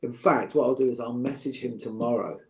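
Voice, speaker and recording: Gravelly, dark-voiced man chatting. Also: mid-range voice, brisk. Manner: chatty, joking, heartfelt. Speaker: podcast guest. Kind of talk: casual chat.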